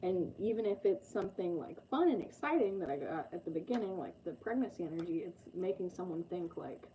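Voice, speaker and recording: Woman, tarot reader, very mellow dark tone, rambling casual talk, fillers, faint background noise. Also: fairly low pitch, expressive, a little fast, rough recording.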